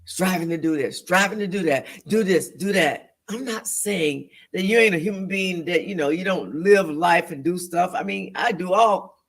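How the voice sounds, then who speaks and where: A woman co-hosting a church talk show, speaking in an animated, emphatic, preaching-like way, repeating phrases for emphasis and acting out inner voices. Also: lowish voice, moderate pace, few pauses. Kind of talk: faith discussion, preaching-like.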